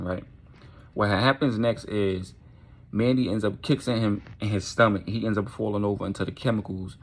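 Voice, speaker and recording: In a casual, animated storytime style, a man with a lowish voice tells a dark tale, swearing freely and often asking "right?".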